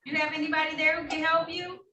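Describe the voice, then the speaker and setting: A woman judge with a high, bright voice leads a hearing over a video call. She stays patient and reassuring while keeping things businesslike. She sounds a little off-mic in an echoey room with faint background noise. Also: little pitch movement, fast, far from the mic.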